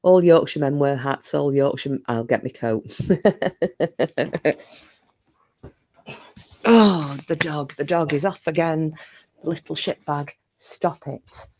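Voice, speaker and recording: A woman's voice: low-pitched, slow pace, pauses often, a little mellow, a little hiss or hum. A woman hosting a casual live-stream chat, rambling and self-interrupting with frequent jokes. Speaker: livestream host.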